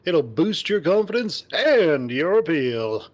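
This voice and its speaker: A man's voice: fairly high pitch, very animated, slow, voice pushed up, full character voice. A man voicing an upbeat young male furry friend who narrates in first person, encouraging and teasing, reading a visual novel aloud.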